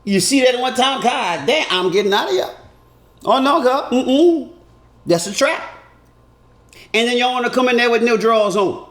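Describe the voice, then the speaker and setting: A man doing an animated comedic monologue that turns earnest and preachy. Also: very high-pitched, moderate pace, long pauses, echoey room. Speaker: comedian vlogger.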